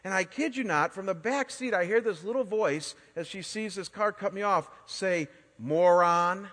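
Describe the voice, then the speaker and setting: A man in his forties, a pastor preaching a sermon and telling stories in an animated way, often restarting his words. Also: high-pitched, moderate pace. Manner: animated storytelling with frequent word restarts. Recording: long hall reverb.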